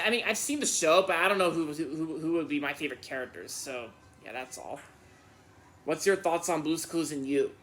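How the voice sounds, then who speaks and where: A man's voice: a little high, pushed and bright, a little hiss or hum. A man hosting his own channel, reading out viewer questions and answering them casually, often restarting and repeating words. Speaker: Q&A channel host.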